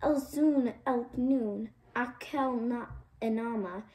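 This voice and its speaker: Woman voicing a loud defiant young girl. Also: on the high side, takes it slowly.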